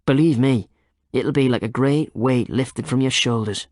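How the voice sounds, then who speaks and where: A man reading as a hard-edged police detective in an audiobook, sliding between reasonable coaxing and cold accusation. His delivery is dry and close, at an ordinary middling pitch, with no room around it. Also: normal speed, a little mellow, dry recording, lightly acted. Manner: needling interrogator, shifts from reasonable to accusing. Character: male police detective, coaxing then menacing.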